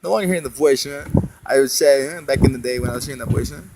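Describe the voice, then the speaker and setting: A man's voice: medium pitch, racing, noisy background. A man telling a long personal story in a meandering monologue, swearing often and leaning on fillers and tag questions. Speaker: storyteller recounting spiritual experiences.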